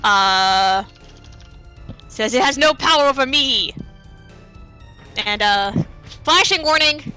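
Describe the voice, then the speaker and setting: Chatty bright-voiced woman speedrunner. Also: sits high, expressive, takes it slowly, long pauses, clean tone, faint music behind. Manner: chatty, filler-heavy, playful. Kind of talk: casual live game commentary.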